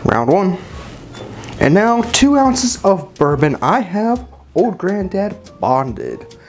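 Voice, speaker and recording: A man's voice: sits high, very animated, takes it slowly, faint music behind. A man chattily walking through a cocktail tutorial at a home bar, informal and full of fillers and restarts. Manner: chatty and informal, with many fillers and self-corrections. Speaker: home bartender demonstrating cocktails.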